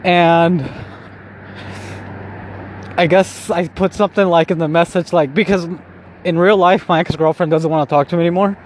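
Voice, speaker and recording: A man's voice: on the high side, steady tone, normal speed, pauses often. A young man talking casually while walking outdoors, rambling and self-mocking, swearing often and laughing at himself. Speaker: vlogger. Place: city street outdoors. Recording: faint street noise outdoors.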